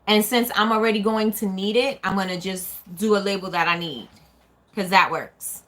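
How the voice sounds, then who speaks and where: Woman, live-stream host, casual chat, bright voice, answers viewer comments, sometimes drifts off mic. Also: mid-range voice, normal speed. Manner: chatty, reads and answers viewer comments aloud. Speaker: small business owner hosting a live stream.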